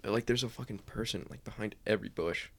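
A man's voice: on the low side, fast talker, vocal fry, slight background noise. A young man telling a travel story in a casual chat, rambling, swearing a lot and saying "like" often.

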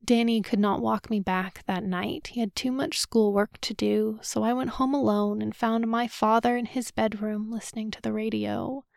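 A woman narrates a novel in the first person with a measured, solemn delivery. Her fairly high voice has a gravelly texture and stays flat, moving slowly. The recording is dry and close. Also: no echo. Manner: measured, subdued, solemn reading. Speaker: audiobook narrator.

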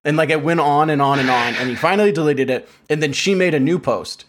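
Laughing man telling stories, slightly high voice. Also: fast, fairly bright tone, slight background noise. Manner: storytelling, laughing often, mimics others. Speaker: podcast co-host. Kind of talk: casual chat.

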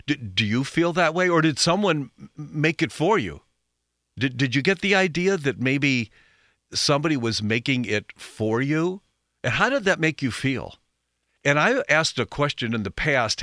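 A man's voice: medium pitch, a bit bright, no echo, studio quality. A man giving a folksy, rambling talk show monologue as host. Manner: folksy, rambling, self-correcting.

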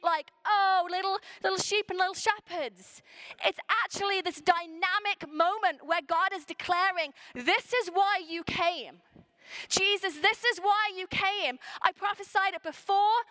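A woman's voice: very high-pitched, a bit bright, no room sound. A woman preaching a Christmas sermon to a congregation, earnest and emphatic, slipping into the voices of the people she imagines. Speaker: pastor.

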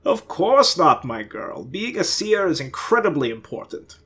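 A man's voice: a little high, animated, a little slow, breathy edge, pitched above the performer's own voice. A man voicing a bumbling, theatrical British ghost, an old inventor who gets flustered and pleads dramatically.

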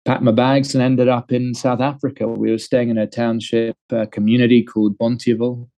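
A man's voice: medium pitch, little pitch movement, a little fast, warm tone, dry recording, low-quality recording. A man in his thirties with an English accent, telling a long personal story in an interview, with many fillers and restarts. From England. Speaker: guest. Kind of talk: conversational storytelling.

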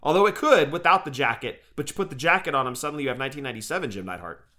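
A man co-hosting a casual podcast chat, jokey and quick to laugh. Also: medium pitch, lively intonation, bright, forceful tone. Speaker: co-host.

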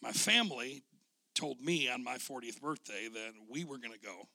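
Middle-aged guy pastor, super scratchy gravelly voice, sharp tense sound, preaching folksy stories, dry close sound. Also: mid-range voice, animated, normal speed, no room sound. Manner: folksy storytelling with frequent word repeats. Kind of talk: sermon.

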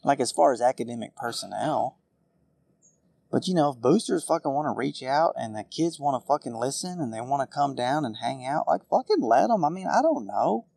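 A man's voice: medium pitch, expressive, fairly quick, vocal fry, a little mellow, dry recording. A man ranting through a casual solo podcast, profane, rambling and exasperated. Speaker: podcast host.

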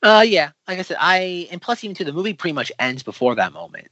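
A man's voice: high voice, very animated, fast talker, pushed and bright, dry recording, highs cut off. A man co-hosting a podcast, making his point persistently in a casual film discussion, often repeating words as he cuts in. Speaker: podcast co-host.

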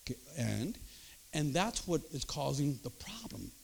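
A man preaching, telling his own testimony story with animated storytelling and acted-out voices. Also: fairly high pitch, measured pace, gravelly, breathy edge. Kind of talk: sermon testimony.

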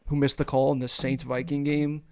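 A man's voice: medium pitch, little pitch movement, brisk, a little mellow, clear, resonant tone. A young man in casual chat who jumps between points and talks over others.

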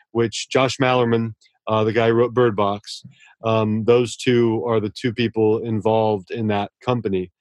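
A man being interviewed as a writer, talking earnestly and warmly about his mentors, often restarting his sentences. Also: mid-range voice, no room sound. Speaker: author guest. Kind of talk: casual interview talk.

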